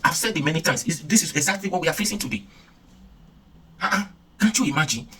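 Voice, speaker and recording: Angry Nigerian male vlogger, rapid-fire rhetorical questions, heard from a bit back. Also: a little high, sharp tone, slightly rough, recorded from a distance. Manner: angry, fires off rhetorical questions, repeats himself. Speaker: political vlogger. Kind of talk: impassioned political rant.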